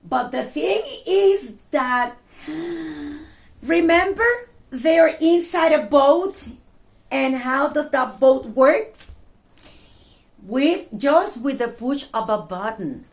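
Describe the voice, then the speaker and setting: A woman telling a children's story in an expressive, chatty way, with exclamations and asides to the young listener. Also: high voice, slow pace, long pauses. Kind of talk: animated children's story reading.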